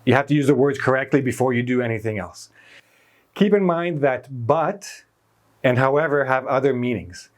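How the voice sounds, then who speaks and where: A man's voice: medium pitch, normal speed. A man teaching English grammar in a whiteboard lesson, explaining each example step by step, stressing key words and correcting himself mid-sentence.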